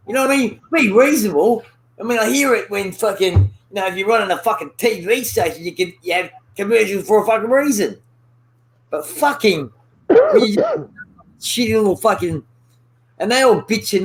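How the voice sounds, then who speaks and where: A man's voice: high voice, lively intonation, moderate pace, low-quality recording. A man chatting casually on a livestream, rambling and ranting with constant swearing. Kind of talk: casual chat.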